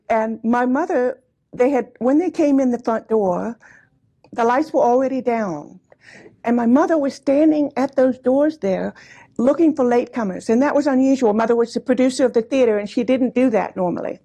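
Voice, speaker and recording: High mellow woman telling family stories. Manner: chatty, warm anecdotes with frequent laughs and asides. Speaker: speaker at a commemorative gathering. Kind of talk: personal storytelling talk. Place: hall before a live audience.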